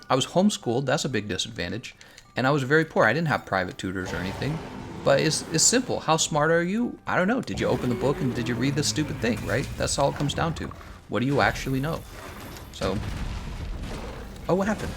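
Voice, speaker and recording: A man's voice: mid-range voice, animated, fairly quick, gravelly, fairly bright tone. A young adult man streaming a game, chatting casually and with strong opinions, laughing often. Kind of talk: casual livestream chat while playing.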